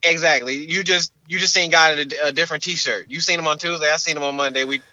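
High-pitched young man, slangy and animated. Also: quick pace, dry recording, poor audio. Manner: animated, slangy, repeats filler words. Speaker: podcast co-host. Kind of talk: casual podcast chat.

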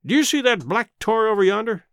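A man putting on a spiteful old squire in a storybook reading, full of pompous indignation and bluster. The voice sits high and leaps about in pitch, caught on a dry close mic. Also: animated, a little fast, a bit bright, clean tone, no echo. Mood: scornful.

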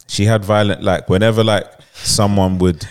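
A man's voice: fairly low pitch, fairly even intonation, moderate pace, smooth. A man, co-hosting a podcast, casually retelling a plot with lots of fillers and laughter. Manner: rambling, many fillers, laughs while telling. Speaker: podcast co-host.

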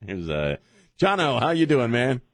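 Joking often and laughing as he shares blunt views, this man runs a call-in radio show from a studio. He speaks a little slowly and very animatedly at a medium pitch, recorded at studio quality with no room sound.

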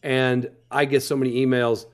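A man hosting a podcast talks loosely and casually, often circling back and restarting his sentences. His pitch sits in the ordinary middle range. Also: normal speed. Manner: relaxed, rambling, many restarts. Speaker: podcast host.

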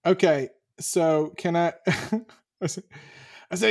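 A joking, playful man at a tabletop game. his voice runs high with a gravelly, fry-heavy edge. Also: steady tone, takes it slowly, long pauses. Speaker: player.

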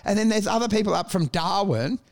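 A man's voice: high voice, brisk, creaky. A young man telling stories in casual, sweary chat, acting out what people said. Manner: sweary, animated storyteller, acts out quotes.

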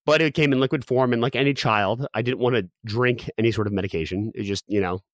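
A man's voice: medium pitch, quick pace, no room sound, studio quality. A young man telling a personal story as a guest, candid and full of fillers and restarts.

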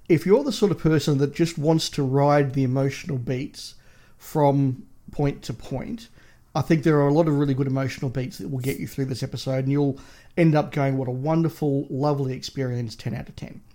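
A man's voice: medium pitch, brisk, mellow. A man co-hosting a podcast, reviewing in casual chat with a passionate, opinionated ranting manner. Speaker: podcast co-host.

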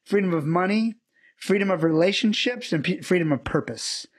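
A man's voice: sits high, breathy edge. A man telling stories as a guest on an interview show, acting out the people he quotes. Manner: fast, animated storyteller who acts out quotes. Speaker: podcast guest. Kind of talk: casual storytelling interview.

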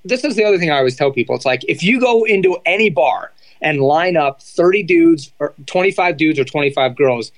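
A man in his thirties, a guest on a chat show, telling casual stories in an animated way, full of fillers and acted-out quotes. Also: fairly high pitch, brisk, hardly any pauses, low-quality recording. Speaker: podcast guest, former reality dating show contestant.

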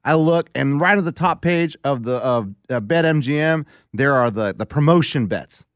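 A man's voice: on the high side, a little slow, no room sound, studio quality. A man co-hosting a podcast, chatting casually and teasing his friends. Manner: playful teasing banter. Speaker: podcast co-host. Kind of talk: casual chat.

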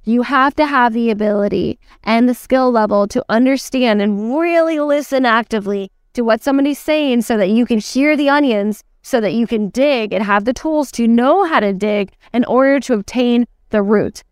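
A woman's voice: on the high side, moderate pace, few pauses, clean tone, dry recording, studio quality. A woman sales coach teaching emphatically in a chatty way, checking in often with her listeners. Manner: emphatic, chatty, lots of "like" and "okay?". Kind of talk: teaching lesson.

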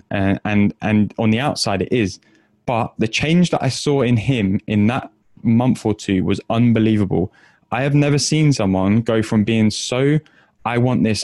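A man, an author and coach, telling stories and answering viewers in a casual livestream Q&A, chatty and quick, with lots of fillers. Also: fairly low pitch, darkish tone, no echo, studio quality.

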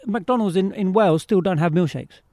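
A man co-hosting a casual chat, telling animated stories and teasing the others. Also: high voice, dry recording. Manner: fast, animated storyteller, teasing. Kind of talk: casual studio banter.

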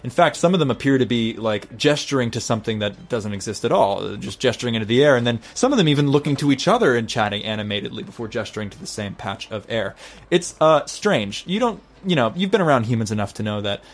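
A man's voice: medium pitch, animated, fast talker. A man narrating a tabletop game as game master, chatty and full of fillers.

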